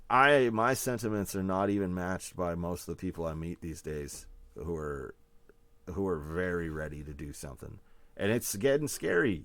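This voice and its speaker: A man's voice: sits low, no echo. A man from Manitoba, Canada, a guest musician telling rambling stories in casual chat, laughing often.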